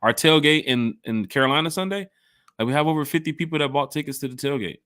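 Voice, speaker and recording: A man co-hosting a casual sports fan podcast, hyped and slangy, shouting out viewers in the chat. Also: on the high side, quick pace, dry recording, studio quality. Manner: animated, hype, slangy, reads chat shout-outs. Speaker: podcast co-host.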